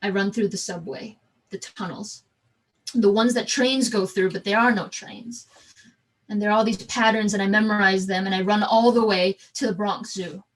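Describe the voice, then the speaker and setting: A woman performing a theatrical storytelling monologue, halting with frequent restarts and repeated words. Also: medium pitch, steady tone, low-quality recording. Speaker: stage performer.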